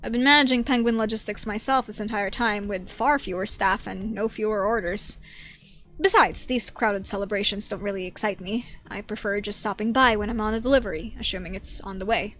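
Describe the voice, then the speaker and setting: A woman voicing a cool female courier from a video game, reading her lines calmly in her own everyday voice. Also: mid-range voice, brisk, natural voice. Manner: calm, even line reading in her own voice. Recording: faint game music behind.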